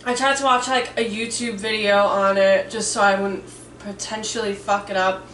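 In a mid-range, somewhat bright voice with fairly even intonation and a moderate pace, a roughly thirty-year-old woman vlogs casually from her kitchen. She comes across as nervous, cursing freely and saying "like" often. The mic sits some distance off in an echoey room, with slight background noise.

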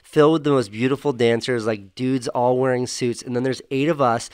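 A man's voice: mid-range voice, steady tone, a little fast, darkish tone, clean tone, no echo. A man co-hosting a podcast, telling a joking story in dry, casual chat.

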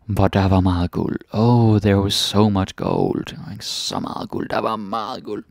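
A man's voice: fairly low pitch, sing-song, normal speed, gravelly, a little mellow, no room sound, studio quality. A man teaching a language by reading a fairytale aloud and translating it word by word, often adding little questioning tags.

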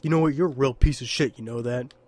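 A man voicing an exasperated grown-up brother who talks loudly and pleads. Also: medium pitch, fast talker, close to an everyday voice. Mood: pleading.

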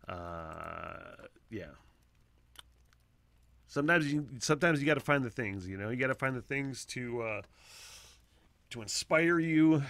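A man hosting a podcast, talking in a casual, profane monologue that swings between low mutters and excited shouts. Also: dry recording. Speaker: podcast host.

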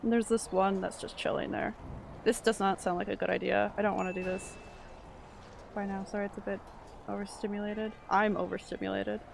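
A woman's voice: mid-range voice, little pitch movement, brisk, creaky, background noise. A woman streaming a game live, giving an anxious running commentary full of swearing.

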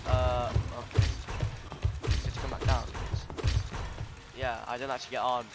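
A man's voice: medium pitch, level tone, measured pace. A man giving let's play commentary, ranting sarcastically and swearing often as he rambles. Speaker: gaming YouTuber. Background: loud game music.

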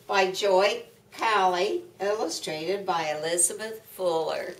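A woman's voice: mid-range voice, slow, hardly any pauses. An older woman reading a picture book aloud to young children, sing-song and full of exclamations. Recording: echoey room, mic far off.

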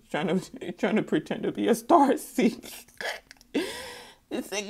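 A woman giving a casual tarot reading in a sassy, animated way, often laughing. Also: mid-range voice, takes it slowly, long pauses, breathy edge. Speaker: tarot reader.

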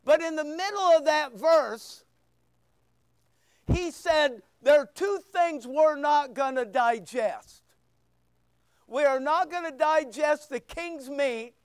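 Pastor, male, very high voice, slow deliberate sermon delivery with loud bursts. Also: animated, no room sound. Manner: emphatic preaching with sudden loud bursts and quiet asides.

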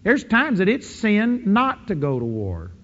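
A man preaching a sermon, emphatic, breaking into quick offhand asides. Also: sits high, wildly swooping pitch. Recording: dull lo-fi sound with long hall reverb.

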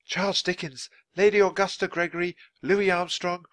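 A man reading aloud, voicing a wise, kindly enchantress in a storybook with a gentle, reassuring delivery. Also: high voice, flat delivery, normal speed, no echo, pitched above the performer's own voice.

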